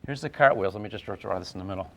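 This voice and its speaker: An older man teaching a physics class, lively and playful, with sound effects and acted asides. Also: on the low side, racing, vocal fry. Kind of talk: classroom lecture at a whiteboard.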